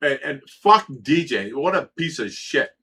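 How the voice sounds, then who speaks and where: Ohio guy, middle-aged, livestream host, cussing and tripping over his words, sharp bright tone. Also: medium pitch, sing-song, measured pace, slightly rough. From Ohio, USA. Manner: profane, stammers and repeats words. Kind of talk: casual storytelling.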